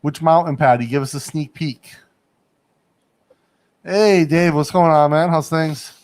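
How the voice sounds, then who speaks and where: A man's voice: on the high side, measured pace, a little mellow. A man hosting a casual livestream chat from a studio in Bangkok. He rambles, laughs often and hedges his points. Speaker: livestream host.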